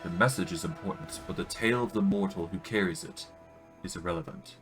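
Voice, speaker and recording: A man voicing a calm, stern woman priestess of death in a video game, speaking in a solemn, measured way. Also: sits low, faint music behind.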